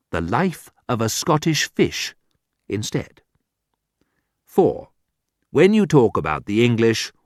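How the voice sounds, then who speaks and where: A man reading a humorous book aloud as an audiobook narrator, in deliberate scripted narration. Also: lowish voice, no echo, studio quality.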